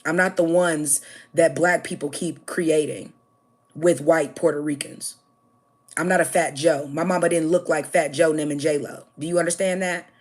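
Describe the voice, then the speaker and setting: An American woman on a livestream, talking straight at her viewers in a blunt, confrontational rant. Her voice sits somewhat low for a woman, and she keeps punching lines with a sharp "okay?" as she swears her way through. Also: fairly even intonation, moderate pace. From United States. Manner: addresses viewers directly, repeating "okay?". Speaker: livestream host. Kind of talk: livestream rant answering chat.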